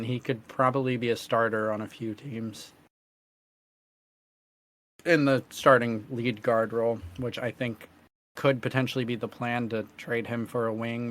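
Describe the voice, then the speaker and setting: A man co-hosting a casual sports podcast, talkative, his voice going hoarse as he keeps clearing his throat. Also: mid-range voice, a bit bright, slight background noise. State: losing his voice. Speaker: podcast co-host.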